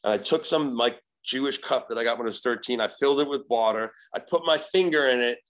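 A man in the middle of his pitch range, talking as a podcast guest. He rambles loosely with lots of "you know" fillers and swears freely as he tells his stories. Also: fast, rough recording. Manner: profane, animated storyteller acting out voices. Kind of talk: casual storytelling.

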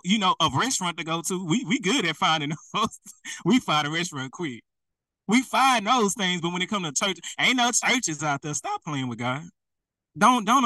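A man's voice: high-pitched, pushed and bright, no echo, recorded from a distance, poor audio. A man preaching a sermon, emphatic and repetitive, speaking straight to his listeners.

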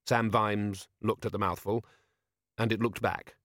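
Calm male audiobook narrator. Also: fairly low pitch, measured pace, no echo, studio quality. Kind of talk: scripted narration.

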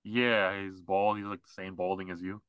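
Male podcast co-host, bright forceful voice, dry close mic, rambling mocking delivery. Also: low voice, level tone, moderate pace, clean tone, no room sound, poor audio. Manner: rambling, mocking, mimics others in put-on voices. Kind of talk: casual podcast chat.

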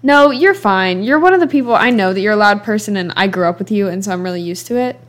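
A woman's voice: medium pitch, animated, fast talker. A twenty-year-old woman hosting a podcast in an easygoing, chatty way. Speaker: podcast host. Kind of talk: casual chat.

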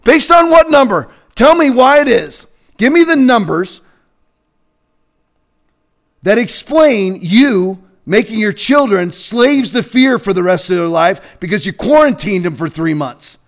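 A man's voice: sits high, animated, a little slow. A man delivering an emphatic, combative political opinion rant. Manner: combative, emphatic, bursts into shouting. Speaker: political commentator.

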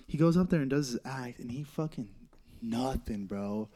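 A young man hosts a casual comedy podcast, his medium-pitched voice moving at a normal speed. He tells stories animatedly, swearing a lot and laughing often.

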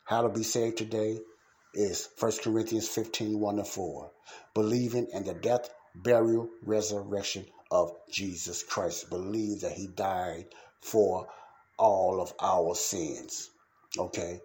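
A man's voice: low voice, a little mellow. A man hosting a podcast, preaching in an emphatic, casual way and repeating his points. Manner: casual slangy speech. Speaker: podcast host.

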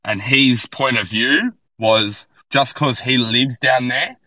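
A man's voice: mid-range voice, slow pace, no echo, low-quality recording. A young Australian man, a podcast guest, telling stories bluntly with plenty of swearing. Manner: blunt, profane, animated storytelling. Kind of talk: casual podcast chat.

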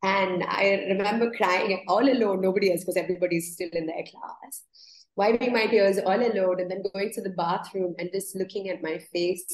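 A woman's voice: medium pitch, steady tone, normal speed, echoey room, poor audio. A woman yoga teacher telling personal stories in an interview, earnest and often restarting her words with a laugh. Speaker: yoga teacher, podcast guest. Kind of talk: reflective interview storytelling.

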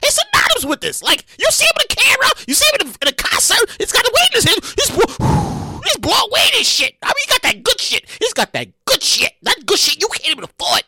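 A man hosting a solo podcast, whose voice swings wildly between low mutters and high yelps. His tone is bright and sharp, and the dry sound carries little room. He talks straight to his listeners, casual and profane, with sudden loud outbursts. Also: huge pitch swings, fast talker, few pauses, no room sound. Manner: addresses listeners directly. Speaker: podcast host.

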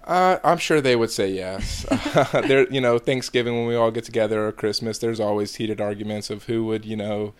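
A young man from Georgia answering interview questions in a relaxed, halting way with lots of fillers. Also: on the low side, clean tone. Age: young adult. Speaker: college baseball player, guest.

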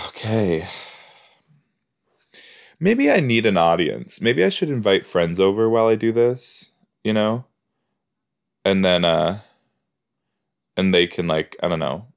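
Laid-back man chatting, lively low voice. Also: creaky. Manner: chatty, laughs at his own jokes, rhetorical asides. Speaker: podcast host reacting to a TV episode. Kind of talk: casual solo reaction commentary.

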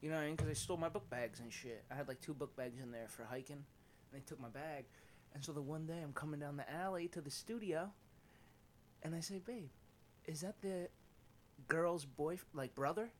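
Animated, profane male comedian guest. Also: a little high, fast talker, slight background noise. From eastern Pennsylvania. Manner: animated, profane storyteller acting out quotes. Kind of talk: casual chat.

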